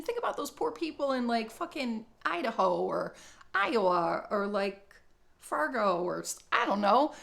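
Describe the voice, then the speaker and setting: A woman's voice: on the high side, creaky, fairly bright tone. A middle-aged woman vlogging, talking bluntly and profanely in a rambling, comedic monologue.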